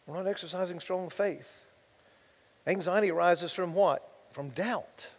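A man with a high voice preaching a sermon in a big hall with a long echo. He drops to quiet asides, then builds to loud, impassioned passages, reading scripture with mounting force. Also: unhurried. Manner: reads scripture aloud with rising intensity. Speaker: pastor.

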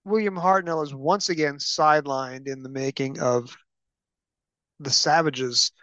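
A man's voice: fairly high pitch, fairly even intonation, a little slow, a bit bright, dry recording, dull audio. A man hosting a podcast interview, asking long, inquisitive questions in a casual way. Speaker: podcast host.

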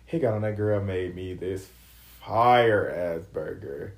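A man telling a story in casual podcast chat, profane and animated, acting out what others said. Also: low-pitched, slow, roomy sound, poor audio. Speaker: podcast co-host.

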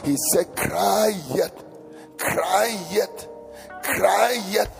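Man preacher, very high gravelly voice, swinging pitch, long hall reverb and faint music behind. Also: extremely slow. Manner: impassioned, shouting and chanting. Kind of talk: sermon.

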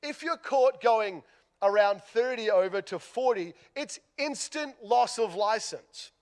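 With a high-pitched voice and an unhurried delivery, an Australian man jokes about himself while recounting a funny story in a sermon. His energy is lively and his loudness varies widely.

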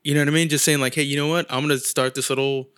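Brief: man, slightly higher voice, casual storyteller, animated, acts out quotes. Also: racing, clear, resonant tone. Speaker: guest artist.

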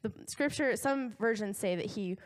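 A young woman preaching to a congregation, retelling a story in a casual, animated way full of asides and quick laughs. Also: mid-range voice.

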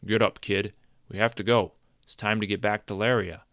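A man's voice: fairly low pitch, animated, fairly quick, bright, forceful tone, no room sound, clean studio sound. A man voicing an old male wizard cursed into a tree stump, firm and insistent as he explains. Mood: confident.

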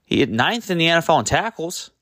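A man hosting his own sports podcast, ranting in an exasperated, emphatic way, full of rhetorical questions and quick self-corrections. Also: fairly high pitch, very animated, a bit bright, no room sound, studio quality. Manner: loose and rambling, trips over words and self-corrects. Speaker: podcast host. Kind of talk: solo sports podcast rant.

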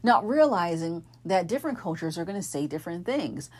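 A woman's voice: on the low side, very animated, fairly quick, warm tone. A young adult woman hosting a podcast, talking casually with lots of fillers and self-corrections as she introduces the episode. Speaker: podcast host.

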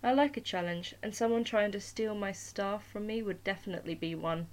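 A woman's voice: mid-range voice, brisk, lightly acted. A woman voicing a mischievous male trickster god in a storybook reading, with a playful, teasing delivery.

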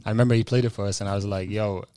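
A man's voice: lowish voice, fairly even intonation, rapid-fire, mellow, no room sound, studio quality. A man co-hosting a podcast in an easygoing, slangy way, introducing topics and games. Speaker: podcast co-host leading segments. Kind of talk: casual podcast chat.

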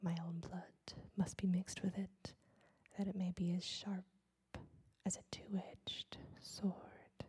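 A woman's voice: on the low side, little pitch movement, slow, mellow, slightly rough, heavily acted. A woman voicing a cruel, scheming sea witch in a whispered role-play, cold and mocking. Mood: mocking menace.

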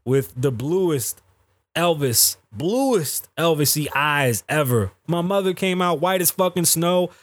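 A podcast host from the Bronx with a somewhat high voice, ranting in a heated, profane way. The sound is close and dry, with little room around it. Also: male voice, lively intonation, takes it slowly, dry recording. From the Bronx, New York. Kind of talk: casual podcast rant.

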